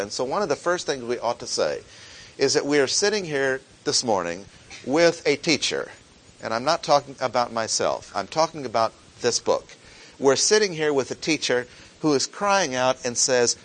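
Lively, pleading male preacher. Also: medium pitch, low-quality recording. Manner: expressive, pleading emphasis on quoted verses. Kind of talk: sermon.

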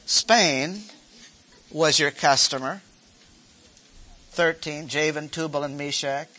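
Bright-voiced man teaching a Bible passage. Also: on the high side, slow pace. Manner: reads verses aloud with asides and explanations; repeats key phrases for emphasis. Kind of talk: expository Bible lecture.

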